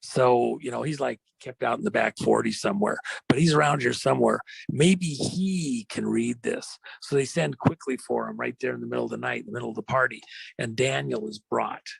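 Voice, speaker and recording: A man telling a story dramatically, rambling with many fillers and slowing down for emphasis. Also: medium pitch, creaky, slightly rough, no echo, low-quality recording. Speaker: guest.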